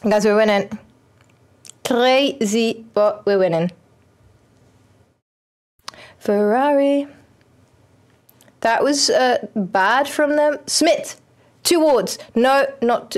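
Chatty, excitable young woman streamer. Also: a little high, extremely slow, long pauses. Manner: excitable, chatty, talks to the game. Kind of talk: casual game commentary.

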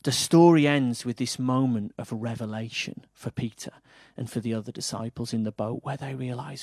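A man with an English accent preaching a sermon, earnest, moving between firm emphasis and soft quiet lines. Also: medium pitch, normal speed, few pauses, husky, no echo. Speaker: pastor.

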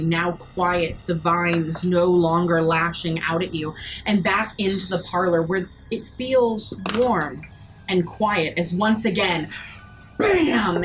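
A woman acting as game master, narrating a horror tabletop game with measured, vivid scene description. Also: on the low side, a little hiss or hum, poor audio.

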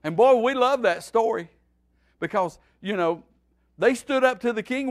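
A man, a pastor, teaching a Bible study in a folksy, animated preaching style that swings between loud and quiet. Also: very high voice, measured pace.

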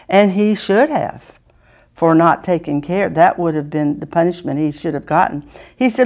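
A woman teaching a children's Sunday school lesson, patiently asking the children questions and often clearing her throat. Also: mid-range voice, expressive, normal speed, darkish tone.

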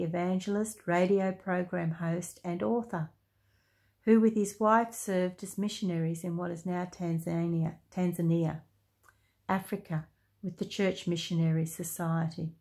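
An Australian woman reading a children's story and a devotion in a calm, measured manner. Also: fairly low pitch. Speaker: church story reader.

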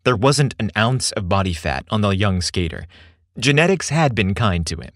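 Male narrator, low and lively, dry close sound. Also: normal speed, dry recording. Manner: expressive storytelling. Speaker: story narrator. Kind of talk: scripted narration.

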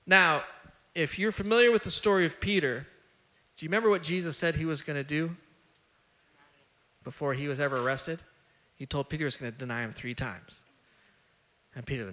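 A male pastor delivers a conversational sermon in a bright, forceful voice. He retells the story casually, with fillers and asides, then acts out the disciples' words as his intensity climbs. His voice rings through a large hall with a long reverb tail. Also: medium pitch, moderate pace.

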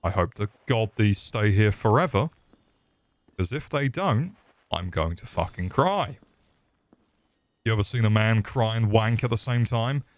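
A man's voice: fairly low pitch, expressive, unhurried, long pauses, dry recording. A young man casually commenting on a game he is streaming, profane, rambling and jokey. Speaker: gaming streamer.

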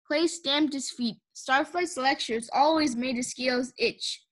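A woman's voice: high voice, unhurried. A woman reading a fantasy book aloud in a casual way, with small slips and restarts. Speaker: audiobook reader.

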